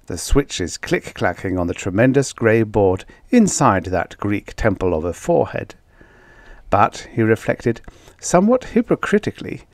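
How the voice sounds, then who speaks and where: A man reading a vintage science fiction story as an audiobook narrator, lifting his pitch to act out the heated dialogue. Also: no room sound. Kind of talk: scripted narration.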